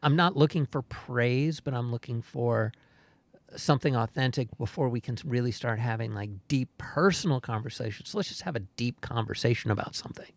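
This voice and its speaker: Guy cohosting a podcast, thinks out loud, kinda playful, mid pitch, dry room. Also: a little fast, dry recording. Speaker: podcast co-host. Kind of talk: casual chat.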